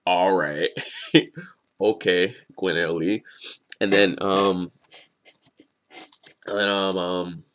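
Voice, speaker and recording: A young man casually reviewing a comic chapter, rambling and excitable, swearing and laughing often. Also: low-pitched, extremely slow, long pauses. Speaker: manga reviewer.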